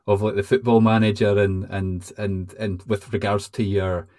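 A man's voice: fairly low pitch, flat delivery, normal speed, darkish tone, no room sound, studio quality. A man hosting a casual interview, asking rambling questions with many restarts. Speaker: podcast host.

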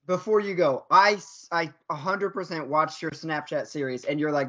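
A man's voice: on the high side, fairly even intonation, normal speed, a bit bright. Chatty podcast man, lo-fi sound. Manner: chatty, lots of backchannel hums. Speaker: podcast co-host. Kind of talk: casual chat.

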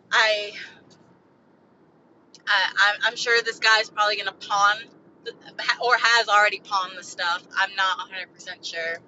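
A woman's voice: mid-range voice, pushed and bright, lo-fi sound, slight background noise. A woman hosting a solo podcast, venting about something upsetting in an agitated, profane, rambling way. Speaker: podcast host.

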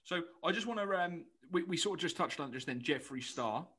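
A man's voice: fairly high pitch, lively intonation, brisk, pushed and bright, breathy edge. A young man, co-hosting a podcast in an easygoing, joking chat. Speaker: podcast co-host. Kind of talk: casual chat.

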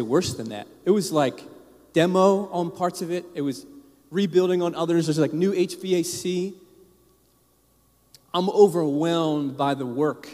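A man's voice: high voice, dark tone, in a large hall. A man preaching a casual, storytelling sermon to a congregation, with frequent restarts and asides to the listeners. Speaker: pastor. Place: church sanctuary.

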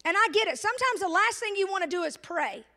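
High, bright-voiced woman preaching a sermon. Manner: animated, preaching with rhetorical questions and slowed emphasis; colloquial asides to the congregation.

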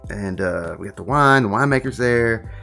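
A man's voice: lowish voice, expressive, normal speed, vocal fry, pushed and bright, faint music behind. A man with a Southern US accent telling rambling stories in casual chat, swearing now and then. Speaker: guest, wine shop owner.

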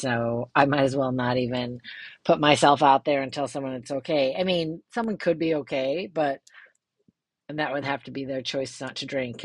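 Middle-aged woman, podcast host, low and unhurried, candid and rambling, dry close sound. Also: no echo. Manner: candid, rambling with many fillers and restarts. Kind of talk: casual personal monologue.

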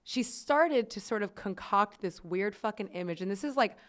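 A woman's voice: mid-range voice, lively intonation, moderate pace, a bit bright. A woman podcast host telling a story in casual chat, chatty and swearing freely, with lots of "like" fillers.

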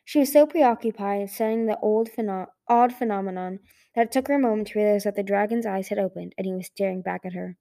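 A woman reading a fantasy novel aloud in a soft, measured narration. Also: mid-range voice. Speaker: audiobook reader. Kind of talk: fan audiobook narration.

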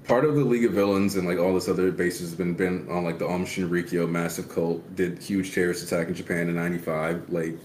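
Deep-voiced man explaining in an echoey room. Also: steady tone, fast, hardly any pauses, a little mellow. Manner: explains details at length, many "like" fillers. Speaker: podcast co-host. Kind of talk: casual manga discussion. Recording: echoey room with faint noise.

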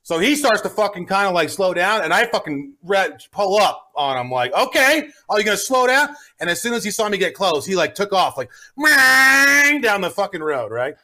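A man telling a story in a casual podcast chat, swearing freely and acting out his own shouts. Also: high voice, lively intonation, brisk, hardly any pauses. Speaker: podcast co-host.

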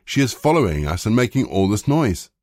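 Worried disciples, as a male reader voices them; lowish voice, dry close sound. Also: big pitch swings, a little fast, a little mellow, no echo. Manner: plain reading voice.

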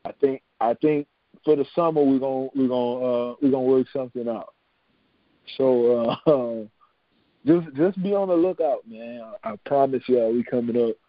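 A man's voice: medium pitch, unhurried, dry recording, muffled recording. A man hosting a podcast, chatting casually, often repeating words and laughing as he signs off. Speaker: podcast host. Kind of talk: casual podcast sign-off chat.

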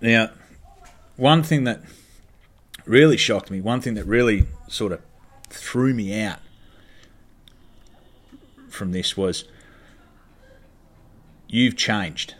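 A man's voice: on the low side, takes it slowly, long pauses. An Australian man, a stand-up comedian, telling a story in a casual monologue, blunt and heavily profane, ranting in exasperation.

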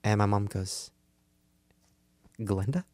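A man's voice: lowish voice, brisk, gravelly, dry recording. A young man co-hosting a podcast, chatting casually and comically, telling stories animatedly and acting out what people said. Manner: animated storytelling, swearing, acting out quotes. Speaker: podcast co-host. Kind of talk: casual comedic chat.

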